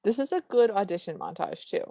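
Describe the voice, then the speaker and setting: A woman's voice: mid-range voice, lively intonation, brisk, gravelly, mellow, no echo, studio quality. A woman co-hosting a podcast, casually narrating a film plot in an easygoing way. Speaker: podcast co-host. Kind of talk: casual chat recapping a film.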